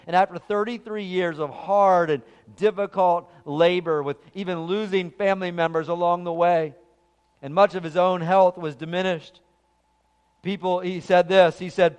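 A male pastor preaching a sermon with passion, swelling to loud peaks and then falling quiet. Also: high voice, fairly even intonation, moderate pace, smooth, long reverb tail, muffled recording.

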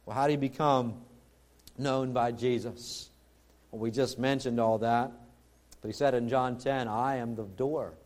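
A middle-aged male pastor preaching a sermon, swinging between loud, rising appeals and low, quiet scripture lines. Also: fairly even intonation, measured pace.

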